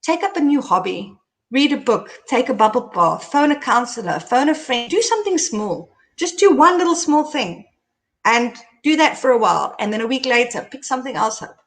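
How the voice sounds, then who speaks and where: A middle-aged woman, hosting and candidly telling her own story, animated as she recounts events. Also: a little high, moderate pace. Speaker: host.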